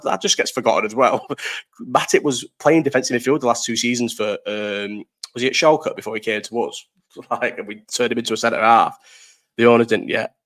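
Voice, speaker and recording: Guy ranting to his live chat, talks really fast, swears a lot, rambles, middle pitch. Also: fairly bright tone.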